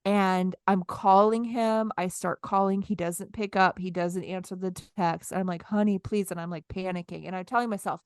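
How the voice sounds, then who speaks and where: Smooth-voiced woman telling a lively story. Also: medium pitch, normal speed, hardly any pauses, no room sound, clean studio sound. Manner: animated, acts out her own lines in quotes. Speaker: podcast co-host. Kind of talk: casual storytelling chat.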